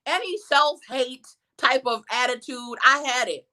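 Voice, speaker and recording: A woman's voice: high voice, expressive, a little slow, pushed and bright. A woman speaking as a featured guest on a live stream, giving a conversational and emphatic motivational talk full of rhetorical questions.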